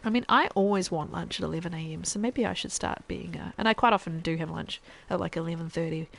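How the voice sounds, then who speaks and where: A woman's voice: fairly low pitch, fast, gravelly, low-quality recording. Chatty laughing woman streamer. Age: adult parent. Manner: chatty, laughs often, trails off mid-sentence. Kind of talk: casual gameplay chat with viewers.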